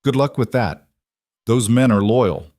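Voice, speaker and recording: A man's voice: medium pitch, animated, a little slow, a little mellow, no room sound, clean studio sound, close to an everyday voice. A man voicing a guarded rancher and father who speaks curtly and bitterly. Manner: curt, bitter.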